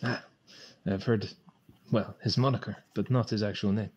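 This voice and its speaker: A man taking part in a tabletop role-play who talks haltingly, full of fillers. His voice is low and husky. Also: fairly even intonation, a little mellow, highs cut off. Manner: hesitant, many fillers, plays a woman. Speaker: player.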